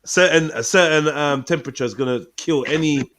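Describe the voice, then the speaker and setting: A man's voice: fairly high pitch, fairly quick, fairly bright tone. A man hosting a casual live panel chat, bantering and repeating his phrases. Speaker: host.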